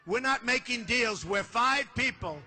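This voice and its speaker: A man's voice: extremely high pitch, lively intonation, measured pace, sharp tone. An older man from the United States giving a boastful, repetitive campaign rally speech, with punchy phrasing. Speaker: political candidate. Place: large indoor arena.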